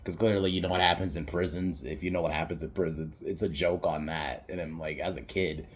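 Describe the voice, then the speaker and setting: A man's voice: very deep voice, steady tone, a little fast, slight background noise. A young man hosting a podcast, casually recapping a film in a rambling, profane way, laughing often and slipping into quoted voices. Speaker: podcast host reviewing a film.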